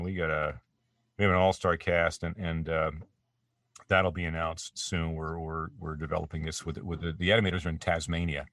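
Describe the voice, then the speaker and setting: A Canadian man with a low, deep voice talks casually as an interview guest. He rambles and pokes fun at himself, often restarting his sentences. The sound is dry and slightly off-mic, from a small home studio. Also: vocal fry, fairly bright tone, no echo, distant mic. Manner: rambling and self-deprecating, many restarts. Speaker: voice actor guest.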